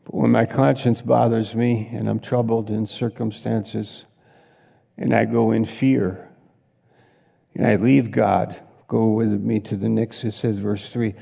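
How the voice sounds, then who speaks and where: A man preaching a sermon as a pastor, slow and halting with frequent restarts. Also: on the low side, little pitch movement, creaky, mellow, husky, in a large hall.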